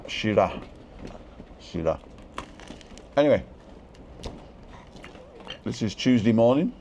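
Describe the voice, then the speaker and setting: A man's voice: lowish voice, warm tone, a little hiss or hum. A man hosting a casual live stream, rambling about food and reading viewer comments aloud. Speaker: vlog host. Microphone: own microphone.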